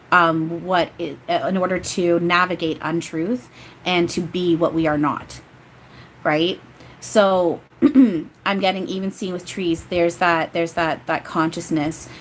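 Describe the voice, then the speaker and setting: A woman's voice: fairly low pitch, slight background noise, rough recording. A young woman doing live spiritual readings on a stream, rambling and emotional with many restarts. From grew up Catholic. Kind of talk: live-stream chat and channeling.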